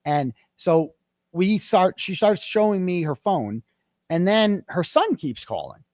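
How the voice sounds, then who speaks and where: A man, a guest in an interview, telling a story in a casual, animated way and acting out the quoted dialogue. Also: high-pitched, takes it slowly, no room sound, studio quality.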